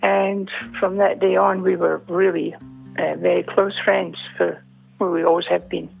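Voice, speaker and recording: A woman's voice: lowish voice, flat delivery, normal speed. An older woman, a former music teacher, fondly remembering old friends in a casual interview over the phone. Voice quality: gravelly, husky. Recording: tinny phone line.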